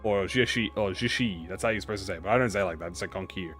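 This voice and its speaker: A man's voice: low-pitched, rapid-fire, faint music behind. A man casually talking to his chat while playing a game, rambling, self-mocking and swearing freely. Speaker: streamer. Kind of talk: casual live-stream game commentary to chat.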